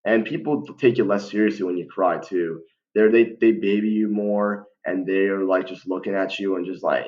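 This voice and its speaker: A man's voice: sits low, steady tone, normal speed. A young man talking casually to the camera as a vlogger, rambling with lots of fillers and restarts and calling the listener "bro". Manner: slangy, many fillers and restarts, keeps saying "bro". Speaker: vlogger giving life advice. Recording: dull lo-fi recording.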